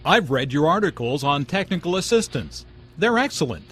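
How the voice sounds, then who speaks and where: A man playing a friendly guy, slightly husky. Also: fairly high pitch, very animated, normal speed, a bit bright, full character voice. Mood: polite. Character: friendly adult man in everyday dialogue. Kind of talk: scripted dialogue for learners.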